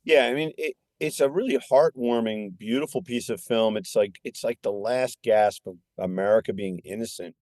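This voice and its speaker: Older male guest, excitable anecdote-teller, mid-range voice, dry recording. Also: mid-range voice, normal speed, few pauses, no echo. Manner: animated, excitable storyteller. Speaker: guest filmmaker. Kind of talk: casual podcast chat.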